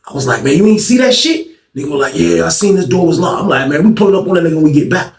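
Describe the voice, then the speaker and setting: A man telling a story from his past in a casual, animated way, full of slang and repeated lines, acting out what people said. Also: on the high side, very fast, vocal fry. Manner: animated, slangy, repetitive, acts out quotes. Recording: echoey room, distant mic.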